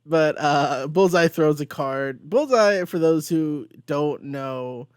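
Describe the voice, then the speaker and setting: A young man hosting a casual comic book podcast, giggly and animated as he recaps pages and quotes the dialogue. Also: a little high, takes it slowly, clear, resonant tone, dry recording, studio quality. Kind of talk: casual chat.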